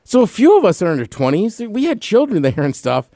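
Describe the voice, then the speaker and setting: A man's voice: high-pitched, huge pitch swings, brisk, warm tone, dry recording, studio quality. A man in his thirties chatting casually as a podcast co-host, telling rambling stories and laughing often. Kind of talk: casual chat.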